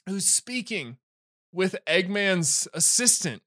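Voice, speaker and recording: A man hosting a podcast, recapping a comic book with animated storytelling and character voices. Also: high voice, slow pace. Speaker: podcast host.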